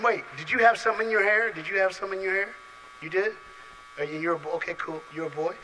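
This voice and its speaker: A fast-talking man with a high-sitting voice delivers a lively youth sermon to a large live audience, captured on a low-quality recording with slight hiss or hum. He's playful and direct, addressing people in the crowd and alternating between soft asides and shouts.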